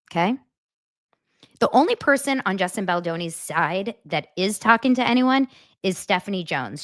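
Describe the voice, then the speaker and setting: A woman hosting her own show, chatting casually as she reads out text messages and acts out the quoted lines with big jumps in pitch. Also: a bit bright, no echo, clean studio sound. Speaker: host. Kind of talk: casual commentary reading texts aloud.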